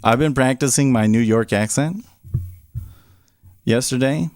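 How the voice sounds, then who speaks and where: A man's voice: medium pitch, measured pace, darkish tone, no echo, studio quality. A man hosting a day-trading livestream, chatting casually in a rambling, offhand way and talking to his baby in between.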